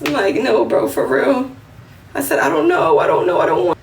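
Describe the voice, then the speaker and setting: A woman's voice: a little high, normal speed, vocal fry. Twenties woman, New York accent, telling a casual story on a livestream. Set a bit back from the phone, with faint room noise. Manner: animated, slangy, acts out quotes in a raised voice. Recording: roomy, slightly distant phone audio with faint room noise.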